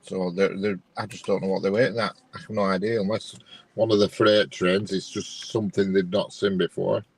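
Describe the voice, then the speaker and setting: A man's voice: sits low, flat delivery, a little fast, vocal fry, husky, poor audio. A man, chatting casually on a live stream with many restarts, sounding bemused as he checks train diagrams. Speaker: co-host watching live train feeds.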